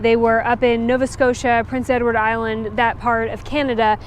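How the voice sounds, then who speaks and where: A woman's voice: fairly high pitch, level tone, normal speed, slight background noise. Chatty, breezy woman travel vlogger. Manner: chatty, breezy, casually swears. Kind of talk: casual travel vlog narration.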